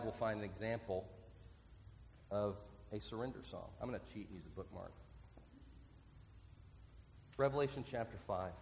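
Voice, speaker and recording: Earnest preacher man in a reverberant hall. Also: medium pitch. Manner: earnest, repeats key points for note-taking. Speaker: pastor. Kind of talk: sermon. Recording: long reverb from a large hall.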